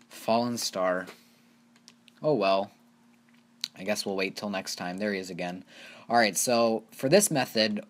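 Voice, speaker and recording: Low-voiced man giving rambling game commentary. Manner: rambling, easily excited, talks to viewers as "you guys". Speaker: gaming channel host. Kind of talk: casual gameplay commentary.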